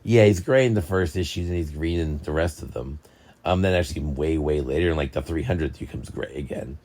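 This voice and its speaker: Deep-voiced young man, rambling and jokey. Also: a little fast. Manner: rambling, jokey, lively storytelling. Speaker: book channel host. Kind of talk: casual chat.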